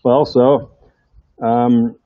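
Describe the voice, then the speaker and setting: A man's voice: mid-range voice, little pitch movement, very slow, no room sound, narrow, tinny audio. A man preaching a sermon in a conversational way, often putting rhetorical questions to his congregation.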